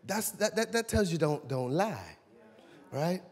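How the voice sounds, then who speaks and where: High, lively-voiced man pastor preaching. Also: a little slow. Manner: animated, conversational preaching with audience questions. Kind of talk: sermon. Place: church sanctuary. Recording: long church hall reverb.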